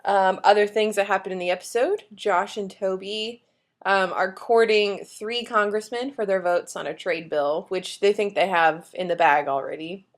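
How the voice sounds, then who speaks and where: A woman's voice: medium pitch, fairly even intonation, normal speed. A woman co-hosting a podcast in easy, casual chat. She recaps the plot with a playful, jokey touch, speaking into a studio mic. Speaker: podcast co-host.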